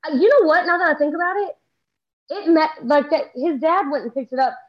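A woman from Texas with a Southern accent, talking fast and profanely in casual storytelling. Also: sits high. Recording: dull lo-fi sound.

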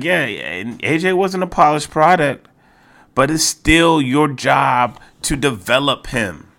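Animated, exasperated male podcast host. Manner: animated and exasperated, voice jumps high when worked up; casual, repeats phrases and stammers into restarts. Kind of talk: solo sports podcast commentary.

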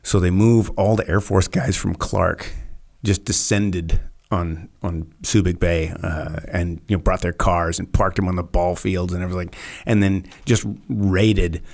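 A man in his fifties with a deep, gravelly voice tells war stories in a relaxed, rambling way. He is a guest on a podcast. He drops in fillers and voices other people as he goes. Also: a little slow. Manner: relaxed anecdotes with quoted voices and many fillers. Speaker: podcast guest, former Navy SEAL. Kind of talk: casual storytelling interview.

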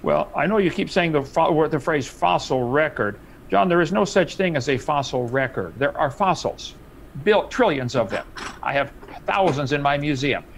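A man's voice: on the high side, lively intonation, moderate pace, vocal fry. A man in a heated debate, talking emphatically and mockingly, with some faint noise behind.

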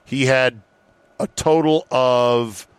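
A man's voice: medium pitch, slow, clear, resonant tone, no room sound. A man hosting a casual sports podcast, joking around and swearing now and then. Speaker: podcast host.

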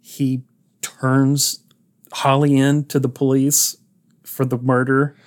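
A male podcast host chatting casually with a co-host. He has a middle-pitched, everyday voice and retells scenes in a rambling way, with a chuckle along the way. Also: completely flat delivery, takes it slowly. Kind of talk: casual chat.

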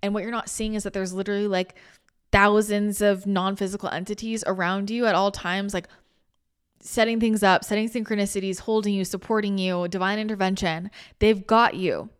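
A woman hosting a spiritual podcast, chatting casually in a rambling, animated way, full of restarts, laughter and casual swearing. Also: medium pitch, a little fast, clear, resonant tone. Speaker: spiritual channeler and podcast host.

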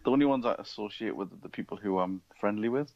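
A man's voice: lowish voice, quick pace, vocal fry, a little mellow, dry recording. A man co-hosting a podcast, giving short, hesitant replies in casual chat. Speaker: podcast co-host. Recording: dull lo-fi sound.

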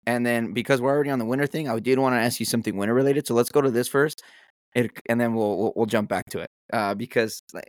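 A young man on a casual podcast, telling stories in a relaxed, laid-back way and swearing freely. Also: mid-range voice, fast, no echo. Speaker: podcast co-host. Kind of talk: casual chat.

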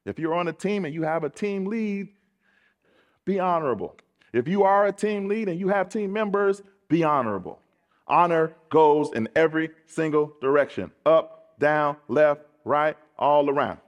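Male pastor, sermon delivery, emphatic and repetitive, slightly high voice, long church reverb. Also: normal speed. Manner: emphatic preaching, repeats phrases, laughs between points. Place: church pulpit.

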